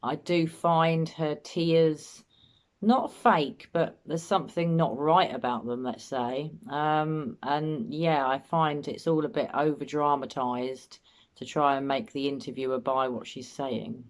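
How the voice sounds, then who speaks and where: A woman with a low voice talks through an interview clip in a doubtful, thinking-aloud way. She comments steadily, often circling back to the same misgivings. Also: fairly even intonation, takes it slowly. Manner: doubtful, musing, often repeats herself. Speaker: host, body language commentator. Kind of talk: analytical commentary.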